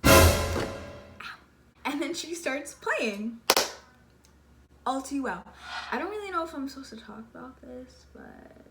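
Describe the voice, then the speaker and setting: A woman telling a story in a casual vlog, excitable and gushing, filling her talk with "like" and calling her listener "sister.". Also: sits high, measured pace, vocal fry, pauses often, over loud music. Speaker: vlogger.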